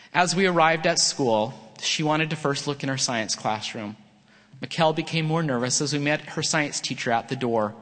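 Middle-aged man with an average pitch, giving an earnest, read sermon; long reverb from a large chapel. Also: fairly bright tone. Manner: earnest, reads from a prepared text with small slips. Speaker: church speaker. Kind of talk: prepared sermon talk.

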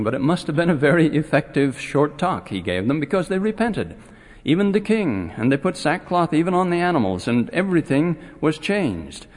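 Man lecturing on scripture in a reverberant hall. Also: medium pitch. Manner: halting, many filler pauses, grows animated when retelling stories. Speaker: scripture teacher.

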